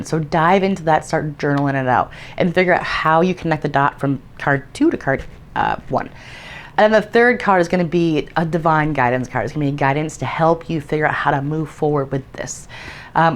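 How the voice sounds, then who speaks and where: A young adult woman talking casually as a tarot vlogger, explaining a method with plenty of "like" and "um" and the odd swear word. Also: low voice. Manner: chatty, frequent "like" and "um" fillers, casual swearing. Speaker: tarot content creator. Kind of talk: casual instructional vlog.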